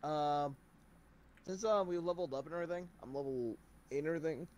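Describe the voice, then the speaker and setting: A man's voice: a little high, quick pace, a little mellow, a little hiss or hum. A young man playing in a tabletop game, explaining in a rambling, hesitant way. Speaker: player. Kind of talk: casual tabletop play.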